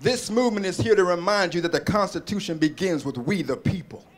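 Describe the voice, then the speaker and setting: High-voiced man giving a fiery rally speech. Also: brisk. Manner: impassioned, rhetorical, leads call-and-response chants. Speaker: rally speaker.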